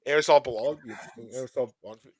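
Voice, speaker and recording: A podcast host with a medium-pitched voice rambles through topics in casual chat, tossing in quick joking asides. There's no echo in the recording.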